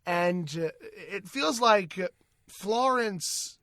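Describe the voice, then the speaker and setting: A man co-hosts a podcast, retelling a sitcom scene with lively, animated delivery and acting out the characters' lines. His voice sits high and bright, and it is recorded dry and close with little room sound. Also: very slow, no room sound. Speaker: podcast co-host. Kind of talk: casual chat recapping a sitcom episode.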